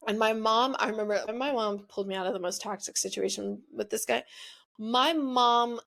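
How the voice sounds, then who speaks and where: On a studio microphone, a young woman hosting a podcast tells a personal story in a chatty, emotional monologue, leaning heavily on fillers and saying "like" constantly. Her mid-range voice is a bit bright, fairly quick, and has vocal fry.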